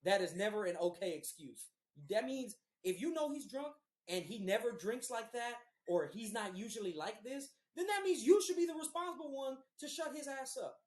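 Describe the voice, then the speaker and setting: A man's voice: very high-pitched, expressive, moderate pace, hardly any pauses, darkish tone. Man telling a rambling story, roomy sound. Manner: profane, rambling, conversational. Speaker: podcast host. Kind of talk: casual storytelling. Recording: roomy echo.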